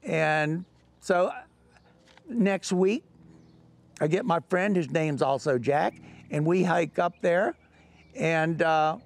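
A man's voice: a little high, slow pace, creaky, pauses often. An older man, an author, telling a folksy, rambling anecdote with restarts. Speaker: author and storyteller.

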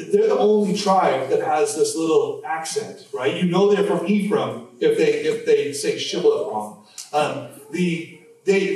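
A man's voice: on the high side, darkish tone. A man preaching an expository sermon as pastor, conversational, with frequent restarts and fillers. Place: church sanctuary. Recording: very echoey church hall, mic at a distance, faint noise.

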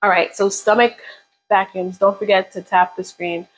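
Husky-voiced woman coaching a workout. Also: mid-range voice, level tone, moderate pace, low-quality recording. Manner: casual, chatty, encouraging, counts reps aloud. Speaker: fitness instructor.

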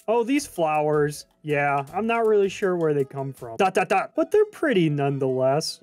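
A young man casually commenting on a video game as a channel host. He is chatty and jokey, and he swings from loud bursts to mumbling. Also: on the high side, big pitch swings, moderate pace, hardly any pauses, soft background music. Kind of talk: casual let's play commentary.

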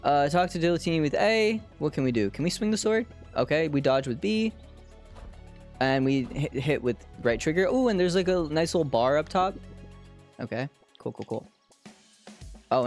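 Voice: mid-range voice, animated, moderate pace, long pauses, faint music behind. A game streamer giving casual let's-play commentary, giggling often and poking fun at themselves. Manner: giggly, self-deprecating, swearing.

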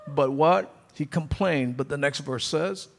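A man's voice: a little high, a little slow, creaky. A man preaching a sermon as pastor, emphatic, calling out to his congregation. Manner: emphatic preaching, acting out quoted speech; calls to the congregation.

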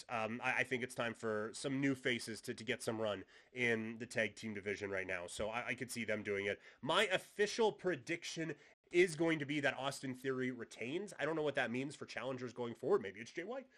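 A man hosts a solo podcast and talks through his predictions in a loose, conversational way. He often stops and restarts his sentences, and his pitch sits in an ordinary middle range for a man. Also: normal speed, fairly bright tone. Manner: casual, musing, frequent restarts and fillers. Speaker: podcast host. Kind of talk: solo wrestling preview podcast.

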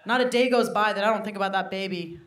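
A woman's voice: mid-range voice, fast. Stand-up woman, self-mocking and chatty, roomy club sound with crowd noise. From England. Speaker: stand-up comedian. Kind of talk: stand-up comedy set. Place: comedy club stage. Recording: roomy live club recording with audience noise.

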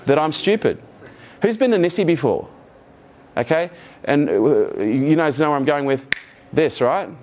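Profane, energetic motivational speaker man. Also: fairly high pitch, unhurried, long pauses. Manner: energetic, profane, jokey, asks the audience questions. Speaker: keynote speaker. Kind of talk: motivational keynote talk to a live team. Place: event room with live audience.

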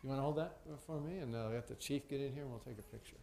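A man's voice: mid-range voice, rapid-fire, gravelly, dark tone, slight background noise. A middle-aged man, a senior naval officer, joking casually with sailors as he hands out coins at a base event. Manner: jovial, joking. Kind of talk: casual banter while handing out coins. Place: large base venue with an audience. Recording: roomy echo from a large venue.

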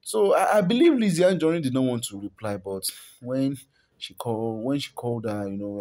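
Nigerian male gossip vlogger, mid-pitched voice, repeats himself, quick chuckles. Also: animated, mellow. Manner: repeats words and stumbles, chuckles often. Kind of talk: chatty celebrity gossip commentary.

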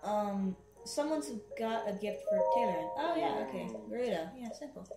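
At home, a gaming channel host commentates her gameplay casually, rambling and chatting with the game as she plays. Her medium-pitched voice is animated and gravelly at a moderate pace, in an echoey room with game music in the background.

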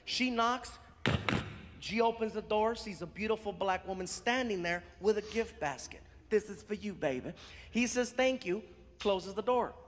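A man doing stand-up, telling a story in an animated way and shouting out the punchlines. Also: high-pitched, normal speed. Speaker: stand-up comedian. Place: large live comedy venue. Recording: echoey arena with crowd and noise. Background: audience laughing.

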